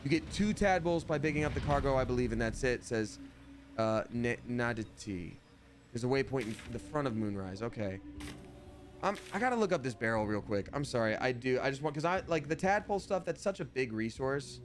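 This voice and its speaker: A man's voice: mid-range voice, animated, a little fast. A man in his thirties chatting casually while playing a video game live, reading chat aloud and slipping into playful voices.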